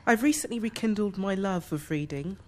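A woman's voice: medium pitch, lively intonation, brisk, slight background noise. A woman from southeast England in the audience, asking a prepared question in an articulate, slightly self-deprecating way.

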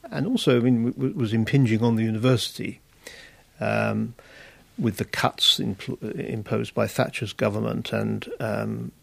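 Casting: Londoner author, creaky voice, dry close mic, measured answers. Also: male voice, fairly low pitch, fairly even intonation, dry recording. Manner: thoughtful, halting with fillers. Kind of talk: reading aloud and answering questions.

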